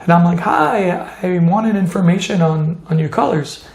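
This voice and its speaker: A man from Montreal, a tattoo artist telling stories in an interview, animated and full of "you know" fillers. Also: high-pitched, normal speed, roomy sound. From Montreal, Canada. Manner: animated, acts out quoted voices, many "you know" fillers. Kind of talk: storytelling interview.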